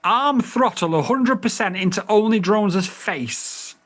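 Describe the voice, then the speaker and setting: A man's voice: sits high, lively intonation, unhurried, fairly bright tone. A man reviewing a drone radio in a casual vlog, getting exasperated and swearing as he repeats voice commands.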